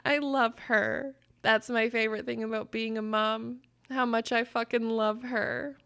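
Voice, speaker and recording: A young adult woman co-hosting a casual podcast, telling stories with swearing and bursts of loud laughter. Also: on the high side, level tone, measured pace, clean tone. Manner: swearing, storytelling, laughs loudly. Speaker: podcast co-host. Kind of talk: casual chat.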